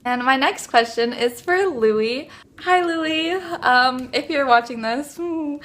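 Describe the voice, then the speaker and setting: A young woman vlogging as an excited fan, gushing and talking fast with lots of casual fillers. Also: fairly high pitch.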